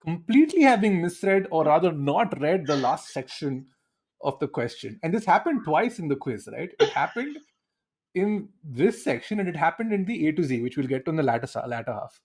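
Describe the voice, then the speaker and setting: A man, chatting on a casual podcast. His pitch swings widely as he tells stories against himself, swearing casually. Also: sing-song, a little fast, darkish tone. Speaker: podcast co-host.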